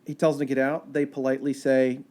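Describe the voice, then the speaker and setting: A man, a park ranger guest, telling history in a chatty, animated storytelling way. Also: mid-range voice, quick pace. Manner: animated, chatty storyteller with fillers and quoted asides.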